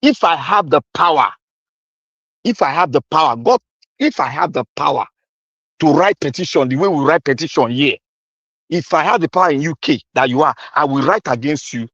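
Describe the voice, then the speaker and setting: In a furious political tirade, a Nigerian-accented commentator hurls accusations, says things over and over, and slips into pidgin. He speaks a little high, animated and a bit bright at a moderate pace, on a dry recording with the highs cut off.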